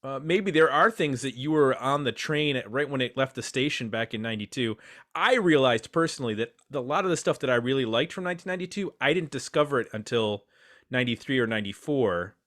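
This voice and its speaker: A man's voice: medium pitch, lively intonation, brisk, fairly bright tone. A man hosting a casual podcast roundtable, chatty and self-deprecating as he introduces his guests. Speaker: podcast host.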